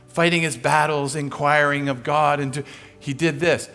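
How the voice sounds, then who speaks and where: Guest preacher, male, high-pitched, lively storytelling sermon with voiced asides. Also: faint music behind. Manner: acts out characters in quick asides, conversational and humorous. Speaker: guest speaker.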